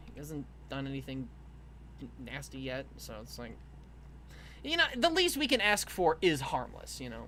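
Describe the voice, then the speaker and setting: Lively, bright-voiced casual chatter. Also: medium pitch, normal speed, slight background noise. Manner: rambling, laughs often, swears casually. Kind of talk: casual chat.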